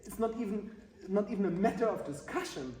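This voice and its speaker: A man coaching a cellist in a masterclass, animated, singing rhythms and joking. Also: sits high, brisk. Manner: animated, sings rhythms, swears and laughs. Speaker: cello masterclass teacher. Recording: echoey, distant, with cello playing.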